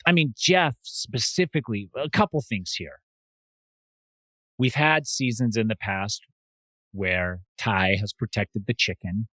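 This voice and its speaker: Easygoing male podcast host, low voice. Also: measured pace, dry recording. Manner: relaxed, agreeable, lots of "yeah". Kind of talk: casual chat.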